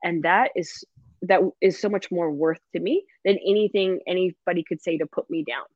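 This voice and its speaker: A woman football coach, a guest chatting in an animated, laughing way and filling her talk with "like". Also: lowish voice, normal speed, dry recording. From Canada. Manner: animated and laughing, fills speech with "like". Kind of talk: casual interview chat. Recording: dull lo-fi dry sound.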